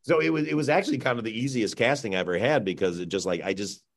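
A man's voice: mid-range voice, quick pace. A middle-aged man, a film director, answering interview questions in a chatty, rambling way, often laughing and saying "you know".

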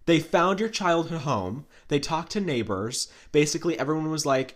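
A podcast co-host telling celebrity gossip in a casual, dramatic way, full of fillers and asides. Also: male voice, on the high side, lively intonation, moderate pace, hardly any pauses. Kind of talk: casual pop culture gossip chat.

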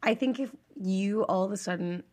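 A woman's voice: medium pitch, moderate pace, a little mellow. A young woman from the South, co-hosting a podcast in emphatic casual chat. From American South. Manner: chatty, emphatic, uses many fillers. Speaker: podcast co-host.

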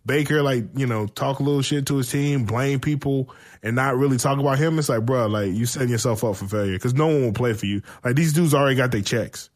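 A man chatting casually about football, animated and profane, telling stories and laughing often. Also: medium pitch, fast talker. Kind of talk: casual sports chat.

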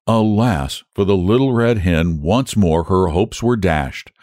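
A man narrating a children's storybook with a lively, sing-song delivery. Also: sits low, takes it slowly, dry recording, studio quality. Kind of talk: storybook reading.

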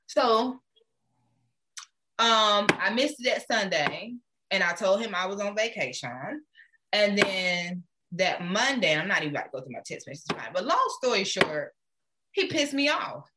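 A woman co-hosting a casual chat show, animated and blunt, swearing and laughing often. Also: mid-range voice, measured pace, noisy background. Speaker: podcast co-host.

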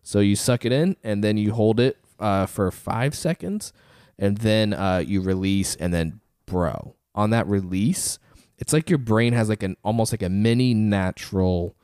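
A man's voice: on the low side, unhurried, a little mellow, clean tone, no room sound, clean studio sound. A man co-hosting a podcast, telling a story in casual chat with lots of fillers. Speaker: podcast co-host.

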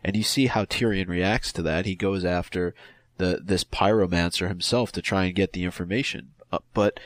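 A man with a fairly low voice argues his point in a casual podcast chat. He lays out his reasoning step by step, and the sound is dry. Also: steady tone, moderate pace, no room sound.

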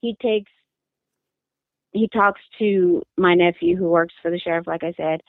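Woman, grieving mother in an interview, halting and repetitive, lowish voice, dry tinny phone line. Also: fairly even intonation, no room sound. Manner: halting, repeats words, distressed. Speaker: mother of a missing daughter, interviewee. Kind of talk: emotional interview account.

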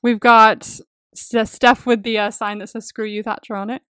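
A woman's voice: a little high, level tone, moderate pace, fairly bright tone, clear, resonant tone, no room sound, clean studio sound. A woman co-hosting a podcast, casually recapping a favorite film with lots of enthusiasm, laughter and the odd swear word. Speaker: podcast co-host. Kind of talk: casual movie recap chat.

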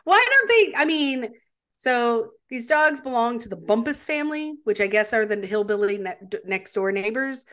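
A woman co-hosting a casual movie discussion podcast, animated and laughing often. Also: a little high, moderate pace. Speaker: podcast co-host.

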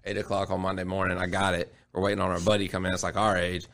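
Man in his 30s, gravelly, rapid-fire casual storyteller. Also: deep voice, monotone, a bit bright. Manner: fast, laughing, crude, says "bro" and "dude".

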